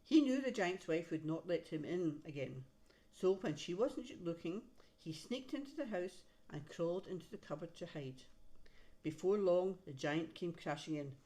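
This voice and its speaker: Low-voiced woman reading a picture book. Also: expressive, warm tone. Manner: reads aloud, pausing to point out the pictures. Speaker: reader to a child. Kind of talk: storybook read-aloud.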